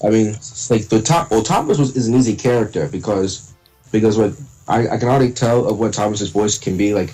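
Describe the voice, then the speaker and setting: Brief: man, lowish husky voice, lively swings, halting chat. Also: soft background music, rough recording. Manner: halting, repeats himself. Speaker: guest voice actor. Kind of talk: casual chat on a livestream.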